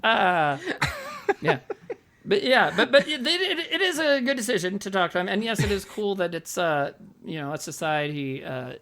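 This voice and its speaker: A man's voice: high-pitched, big pitch swings, normal speed, pushed and bright. A man co-hosting a movie podcast, rambling and swearing in casual chat, dropping into funny quoted voices. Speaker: podcast co-host.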